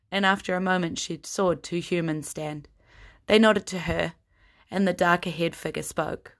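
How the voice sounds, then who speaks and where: Woman narrating a fantasy game, lowish voice. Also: fairly even intonation, moderate pace.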